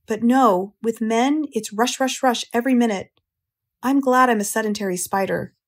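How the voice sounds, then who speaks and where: A wise female spider, calm and collected, as a woman narrator puts her on. She speaks in a measured, reassuring way, firm but kind. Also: fairly high pitch, close to an everyday voice. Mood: musing.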